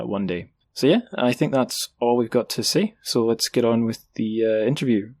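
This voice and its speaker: Casual male podcast host, lowish voice. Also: no echo. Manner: casual, filler-heavy reading of news and blurbs. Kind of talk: solo podcast news segment.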